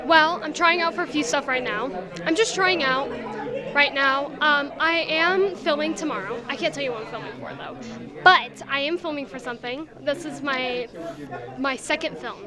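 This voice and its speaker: A young woman, an actress, answering questions softly and briefly on a red carpet. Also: high voice, normal speed. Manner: soft, agreeable, brief answers. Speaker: actress, interview guest. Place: outdoor red carpet event. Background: crowd chatter.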